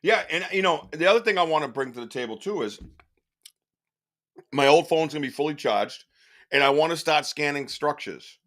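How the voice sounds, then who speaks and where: A man's voice: on the high side, moderate pace. A man co-hosting a podcast in casual chat, telling stories animatedly and swearing freely. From northern US. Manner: animated storyteller, swears freely, loud outbursts. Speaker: podcast co-host.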